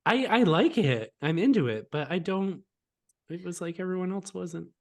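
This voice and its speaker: A man co-hosting a casual chat, easygoing and quick to laugh, with teasing asides. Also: sits high, animated. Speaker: co-host.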